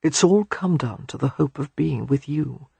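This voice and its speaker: A narrator giving voice to a gentle young man in love, murmuring in a hushed, low, breathy voice close to the mic. His husky softness stays intimate and unhurried, a romance reading with a dry, close sound. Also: no echo, exaggerated voice. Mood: tender murmur. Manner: soft, murmured, low delivery.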